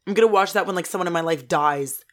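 A woman's voice: fairly low pitch, fast talker. A young woman co-hosting a podcast, ranting with exaggerated mock outrage in unfiltered casual chat. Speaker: podcast co-host.

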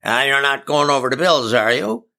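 A man's voice: mid-range voice, fairly quick, pushed and bright, voice pushed up, natural voice. A blunt old rural man who suspects everyone of mischief, put on by a male narrator. He speaks in folksy, ungrammatical phrases, in a voice raised noticeably above the reader's own. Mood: accusing. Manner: folksy nonstandard grammar, accusing.

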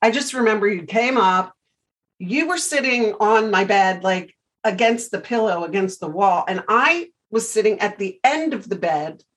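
A middle-aged woman hosting an interview podcast, telling animated stories in a chatty, casual way. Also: medium pitch, normal speed, rough recording. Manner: chatty storyteller, animated anecdotes. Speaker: podcast host.

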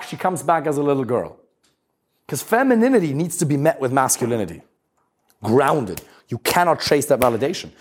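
A husky-voiced man coaching a group on relationships, his pitch swinging widely as he drives each point home. He talks bluntly and swears freely, with an emphatic, energetic delivery. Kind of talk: talk to a live group.

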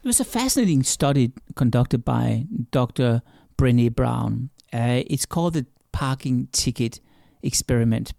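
A man with a gravelly, creaky voice at a middle pitch talks through his ideas as an interview guest. He tells stories and examples to make his point and often stumbles over repeated words. The recording is dry, with no room sound. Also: lively intonation, normal speed, dark tone, no room sound. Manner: storytelling, explains with examples and acted-out quotes; repeats words and restarts sentences. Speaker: author and guest. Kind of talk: conversational interview answers.

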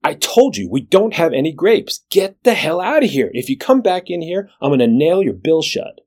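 A man's voice: on the low side, very animated, fairly quick, a little mellow. A man voicing an exasperated bartender who scolds a pestering customer in a raised, irritated voice. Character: exasperated bartender losing patience.

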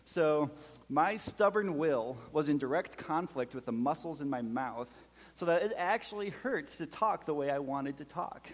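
A man's voice: fairly high pitch, expressive, normal speed, big-room sound. A man in his thirties with a Minnesotan accent, preaching a sermon and telling stories with jokes, often checking in with "okay?". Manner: storytelling with jokes, frequent "okay?" check-ins. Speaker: pastor.

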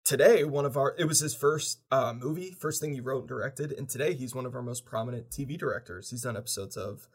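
A man's voice: medium pitch, fast, few pauses, breathy edge. A man co-hosting a casual movie podcast, talking enthusiastically and swearing casually. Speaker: podcast co-host. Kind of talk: casual film discussion.

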